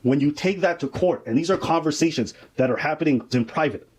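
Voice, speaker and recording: A man's voice: on the high side, a little fast, a little mellow, rough recording. A man in a casual discussion, making emphatic points with rhetorical questions.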